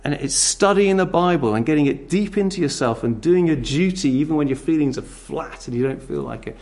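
A man preaching a sermon in a conversational, animated way, full of rhetorical questions. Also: a little high, a little fast, gravelly.

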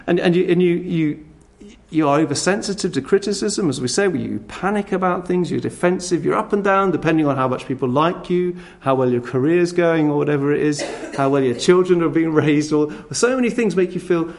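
A man's voice: fairly high pitch, brisk. A middle-aged man preaching a sermon, earnestly pressing his listeners with repeated direct questions. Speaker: pastor.

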